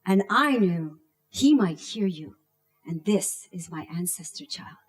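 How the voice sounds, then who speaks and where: Slow, dramatic woman storyteller. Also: on the low side, lively intonation. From Canada. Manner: slow, deliberate delivery with dramatic pauses and acted-out shouts. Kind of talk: dramatic personal storytelling performance.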